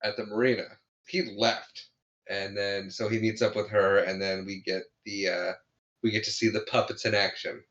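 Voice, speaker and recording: A man's voice: on the low side, level tone, normal speed, fairly bright tone, highs cut off. A man co-hosting a podcast, casually recapping a film scene by scene, with many restarts. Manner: retells scenes with frequent restarts and laughter. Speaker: podcast co-host. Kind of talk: casual movie review chat.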